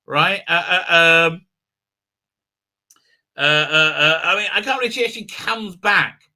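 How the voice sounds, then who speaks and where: High, bright ranting male streamer. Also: unhurried. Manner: ranting, sarcastic, many filler sounds. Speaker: host. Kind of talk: live-stream commentary.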